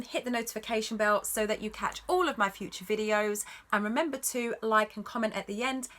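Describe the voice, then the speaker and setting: A woman's voice: a little high, a bit bright. A woman giving a singing lesson, explaining technique in an encouraging, instructive way. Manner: encouraging, instructive, demonstrates notes. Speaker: singing teacher. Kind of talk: vocal lesson talk.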